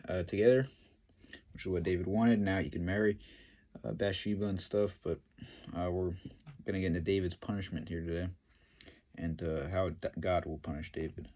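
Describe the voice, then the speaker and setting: A man retelling a Bible story and commenting on it, in a halting, filler-heavy way. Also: deep voice, darkish tone. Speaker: Bible teacher.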